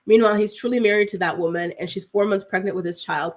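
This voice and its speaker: A woman hosts a live-streamed celebrity gossip show in a loose, chatty way. She peppers her talk with "like" and reads viewer comments aloud. Her voice sits at an ordinary middle pitch for a woman. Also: fast talker. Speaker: host of a celebrity news show.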